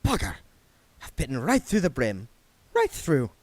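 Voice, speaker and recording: A man's voice: mid-range voice, huge pitch swings, unhurried, slightly rough, no room sound, voice pushed up, full character voice. A man voicing a nervous, earthy old female witch who rambles in rustic speech. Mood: flustered.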